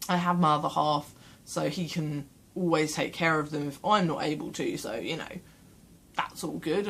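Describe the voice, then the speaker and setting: A woman vlogger with a low, creaky, husky voice chats into her camera mic from a small room at home. Her casual talk rambles and is self-deprecating.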